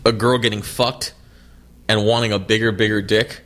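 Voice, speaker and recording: A man co-hosting a casual podcast, arguing about movies with lots of swearing and excited outbursts. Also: on the low side. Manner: fast, animated, swears a lot, argumentative. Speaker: podcast co-host.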